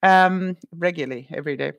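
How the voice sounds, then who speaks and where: A woman's voice: fairly low pitch, a little fast, gravelly, muffled recording. Chatty woman musing to her viewers. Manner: animated, musing aloud with fillers and rhetorical questions. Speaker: vlogger reading viewer comments. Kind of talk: casual livestream chat.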